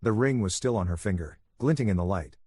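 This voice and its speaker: A man calmly narrating a first-person story in a soothing, even voice for listeners to fall asleep to. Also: on the low side, brisk, slightly rough, dry recording, studio quality.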